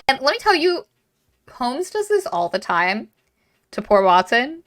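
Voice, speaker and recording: A woman's voice: high voice, sing-song, moderate pace, a bit bright. A woman co-hosting a casual book-club chat, animatedly retelling the plot and acting out the characters' lines. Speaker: podcast co-host.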